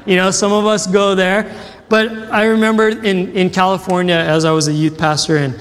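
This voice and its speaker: A man with a high voice preaches a sermon at a moderate pace as a pastor, telling an animated story in which he acts out quotes and asks the crowd questions. The recording carries a long hall reverb.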